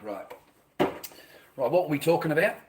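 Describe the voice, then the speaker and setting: A man's voice: fairly high pitch, very animated, normal speed, a little hiss or hum. A middle-aged Australian man rambling and swearing casually while telling stories to his viewers. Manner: swears a lot, tells stories with repeated phrases. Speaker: vlogger.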